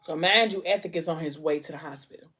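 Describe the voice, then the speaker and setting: A woman, telling a book's plot in a chatty, expressive way and acting out the dialogue. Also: sits low, fast talker. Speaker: vlogger. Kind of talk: casual storytelling while eating.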